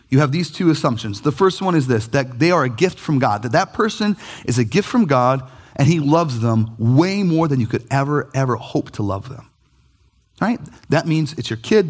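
A man, preaching a sermon as pastor in an animated, conversational way with jokey asides. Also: medium pitch.

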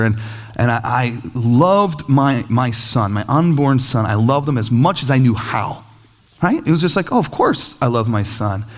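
A male pastor in his thirties preaching a sermon with animated, self-deprecating stories about parenting. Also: mid-range voice.

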